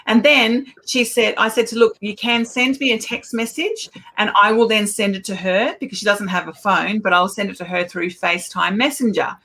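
A middle-aged woman, an Auslan educator giving a casual talk with lively anecdotes and acted-out exchanges. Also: mid-range voice, a little fast, few pauses. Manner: animated storyteller, acts out quoted exchanges.

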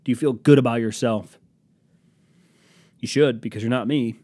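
A man's voice: mid-range voice, steady tone, moderate pace, dark tone, no room sound. A young man hosting a solo podcast, rambling in a jokey, self-deprecating way with some swearing. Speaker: podcast host.

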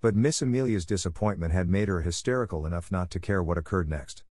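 A man narrating a classic story aloud in a steady, measured reading voice, recorded close. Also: sits low, no room sound. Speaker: audiobook reader.

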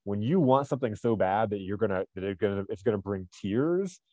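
A man's voice: on the low side, expressive, a little fast, mellow, no echo, dull audio. A man co-hosting a podcast, chatting casually and telling stories in an earnest, motivational way. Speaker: podcast co-host.

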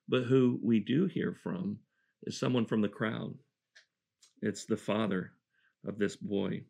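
Male preacher, lowish voice with fry, earnest verse-by-verse sermon delivery. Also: a little mellow. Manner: earnest and reflective, with restarts. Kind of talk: sermon, verse-by-verse Bible teaching.

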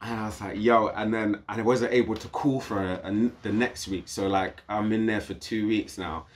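A British man with a lowish voice tells a story as a podcast guest. His talk is casual, slangy and animated. A faint hiss sits under the recording. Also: moderate pace.

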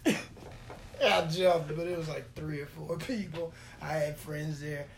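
A voice rambling through a casual monologue with plenty of swearing and frequent laughter. The delivery is slow and unhurried, with a mid-range pitch. It is recorded in a roomy, echoey space with a faint hum underneath. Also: fairly even intonation, gravelly. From Texas. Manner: profane, jokey, laughs often between lines.

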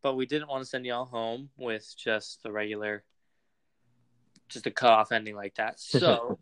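A young man co-hosting a casual sports podcast, excitable and full of slang and swearing. His voice is smooth and clear, recorded close and dry with no room around it. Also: mid-range voice, measured pace, no echo. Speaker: podcast co-host.

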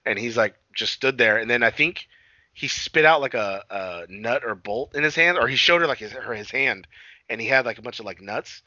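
Bright-voiced man recapping a movie casually. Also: medium pitch, expressive, moderate pace, no room sound, muffled recording. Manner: rambling, profane retelling with acted-out quotes. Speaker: podcast co-host.

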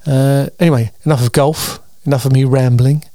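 A man's voice: mid-range voice, steady tone, brisk, mellow, dry recording, clean studio sound. A tired man hosting his weekly solo show, chatting in a meandering way with frequent ums and restarts. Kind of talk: casual rambling monologue.

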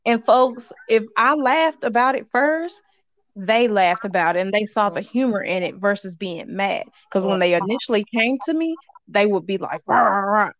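A woman's voice: mid-range voice, moderate pace, dry recording. A woman in casual chat, telling work stories with a laugh and loose slang. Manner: laughing storyteller, Southern US slang.

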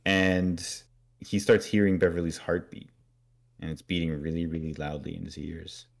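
A man's voice: sits low, little pitch movement, vocal fry. A man co-hosting a podcast, casually recapping a story and briefly acting out characters' lines. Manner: acts out characters' lines in quick put-on voices. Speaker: podcast co-host.

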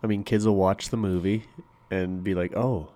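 A man's voice: sits low, flat delivery, normal speed, dark tone. A man chatting casually as a podcast co-host, laid-back and sweary, riffing on his partner's jokes. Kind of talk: casual chat.

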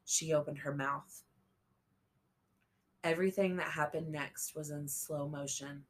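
A woman reading a novel aloud as an audiobook narrator, slow and measured. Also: sits low, steady tone, slight background noise. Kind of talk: scripted narration.

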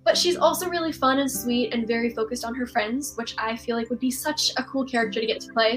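A young woman with a high, bright-sounding voice talks eagerly about her acting dreams. She is bubbly and earnest, laughing easily between thoughts, and comes through a remote video call. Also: fairly even intonation, fairly quick, few pauses, faint music behind, low-quality recording. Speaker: actress and voiceover artist, interview guest. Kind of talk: casual interview answers.

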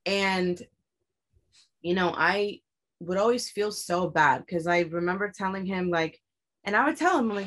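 Blunt, profane young woman telling a story. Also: normal speed. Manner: candid and profane, acts out her own quoted lines with sharp rises in pitch. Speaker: guest telling her story. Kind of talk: casual storytelling in conversation.

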